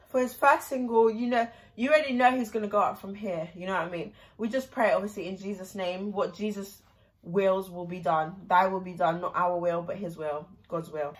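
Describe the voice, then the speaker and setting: A young woman hosting a casual music reaction vlog, chatty and excitable, rambling between laughs. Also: medium pitch, fairly quick. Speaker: reaction video host.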